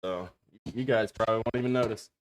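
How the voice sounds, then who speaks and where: A man's voice: lowish voice, fast talker. Profane, rambling male streamer. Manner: profane, rambling, talks straight to chat. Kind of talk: casual stream chat. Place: home streaming setup with green screen.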